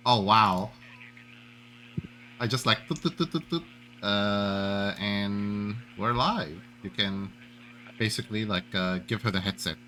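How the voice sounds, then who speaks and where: A man's voice: fairly low pitch, steady tone, slow pace, sharp tone, a little hiss or hum, poor audio. A man playing in a tabletop role-playing game, talking casually and hesitantly with many fillers. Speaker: player.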